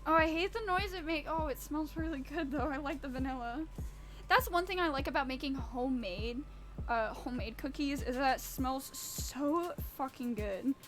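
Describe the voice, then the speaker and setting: Chatty high-voiced woman streamer. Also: moderate pace, soft background music. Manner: rambling, chatty, swears freely. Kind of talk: casual live-stream chat. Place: home kitchen, baking.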